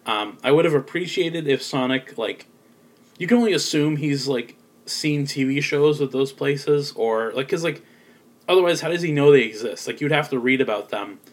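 A man's voice: mid-range voice, moderate pace. A man giving a casual spoken film review, rambling with lots of filler words and sounding a little sleepy. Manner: rambling, many ums and likes. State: sleepy, yawning.

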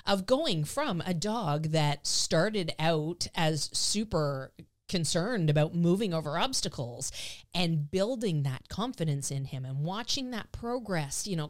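Emotional, enthusiastic woman host. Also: lowish voice. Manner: enthusiastic, emotional, repeats words when starting sentences. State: voice quivering with emotion. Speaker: podcast host, dog training instructor. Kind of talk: casual chat.

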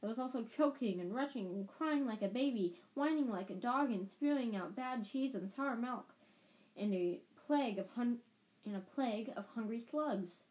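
A woman's voice: on the high side, animated, normal speed, darkish tone, rough recording. A woman reading a storybook aloud, often stumbling and restarting words. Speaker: podcast storyteller.

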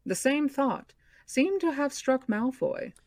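A woman hosting a book club podcast, reading a novel aloud in a measured, expressive way. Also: sits high.

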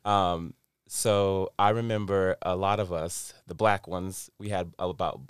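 A young man co-hosting a casual chat show, playful and quick to chime in. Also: deep voice, fairly even intonation, smooth, dry recording, clean studio sound. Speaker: podcast co-host.

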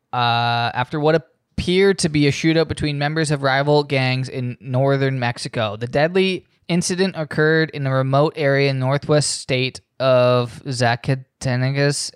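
A man's voice: mid-range voice, clear, resonant tone, no echo, clean studio sound. A man hosting a podcast, rambling profanely through a casual monologue and reading news aloud. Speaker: podcast host.

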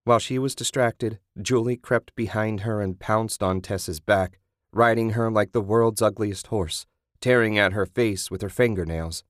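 A man with a low voice reads a gory horror story in a steady, measured way. The recording is dry and close, with no room sound. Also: no room sound. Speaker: narrator. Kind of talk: scripted horror audiobook narration.

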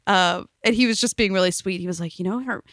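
A woman's voice: medium pitch, fast, a bit bright, no room sound, clean studio sound. A young woman co-hosting a podcast in casual chat, telling stories and acting out quotes with laughs. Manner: chatty storyteller, acts out quotes with laughs. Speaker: podcast co-host.

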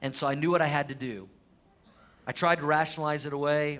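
A middle-aged man as pastor, preaching a sermon and telling a personal story earnestly, his voice dropping soft at the tender moments. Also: on the high side, fairly even intonation, a little fast. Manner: earnest personal storytelling, drops to a soft hush at emotional points.

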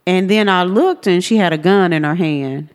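A woman's voice: lowish voice, moderate pace, clean tone. A woman, a podcast guest telling her personal story earnestly and acting out the voices of people in it. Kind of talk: personal testimony in a podcast interview. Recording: long hall reverb.

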